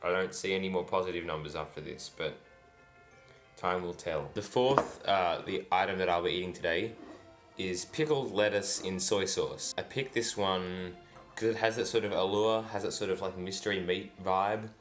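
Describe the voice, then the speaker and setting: A man's voice: deep voice, fairly even intonation, normal speed, faint music behind. A man doing a casual food review vlog, dry and self-deprecating, rambling with lots of fillers. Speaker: food vlogger.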